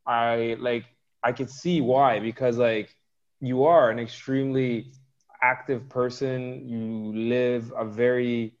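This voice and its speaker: Thoughtful man talking on a dull lo-fi podcast. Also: medium pitch. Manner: reflective, explains with examples. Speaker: podcast co-host. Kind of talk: casual chat.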